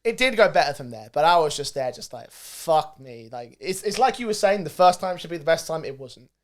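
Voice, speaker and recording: A man, an esports commentator guesting on a podcast, telling stories in an animated way and swearing freely. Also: on the high side, a little fast. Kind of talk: casual podcast chat.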